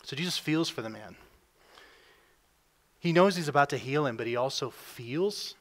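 A man's voice: medium pitch, lively intonation, normal speed. A man preaching a sermon in a conversational way, often acting out the people he talks about. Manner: conversational, acts out quotes with rising energy. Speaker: pastor.

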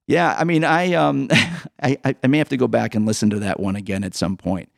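A man's voice: medium pitch, steady tone, fairly quick, vocal fry, dry recording, clean studio sound. A man co-hosting a podcast, chatting casually about old records, laughing often and restarting his sentences. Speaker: podcast co-host.

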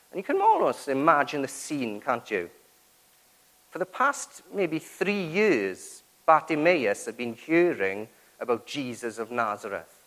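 A male preacher delivers a sermon in a voice of ordinary pitch. He asks his listeners rhetorical questions and voices the prayers he quotes with feeling. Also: a bit bright, low-quality recording.

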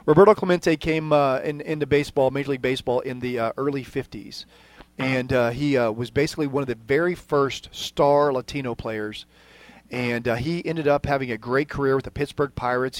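A man hosting a radio sports show, addressing the listening audience directly. His voice sits at an ordinary pitch. The studio sound is dry and close. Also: dry recording. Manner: storytelling to listeners, fillers.

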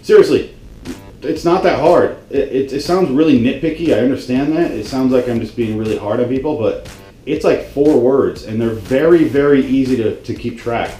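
Male video host with a warm, low-toned voice ranting sarcastically about grammar, swearing a lot, recorded with a roomy echo. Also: normal speed, soft background music. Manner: profane, exasperated and sarcastic. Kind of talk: comedic grammar rant.

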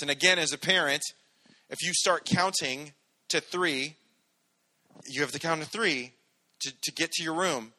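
A man's voice: on the high side, moderate pace, pushed and bright. A man preaching a casual, conversational sermon, joking and acting out little quotes. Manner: casual, jokey, acts out quotes in voices. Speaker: pastor.

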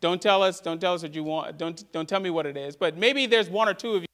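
A man preaching a sermon as pastor to his church, earnest, rising to loud emphasis and dropping to hushed tones. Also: high-pitched, fast talker.

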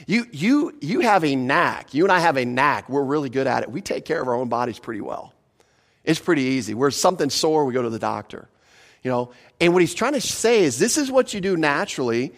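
A man's voice: fairly high pitch, very animated. Man preaching in a conversational way. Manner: conversational, asks the listeners questions; slows for emphasis on scripture. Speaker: pastor. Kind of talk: sermon.

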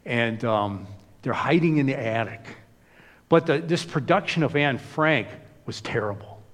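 A man's voice: mid-range voice, lively intonation, unhurried, big-room sound. A man preaching a sermon in a conversational way, with many casual asides. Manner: conversational, frequent "you know" asides. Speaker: pastor.

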